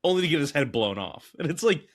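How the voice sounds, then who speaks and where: A man co-hosting a casual movie podcast, rambling and animated, dropping into quick acted quotes. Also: fairly high pitch. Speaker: podcast co-host.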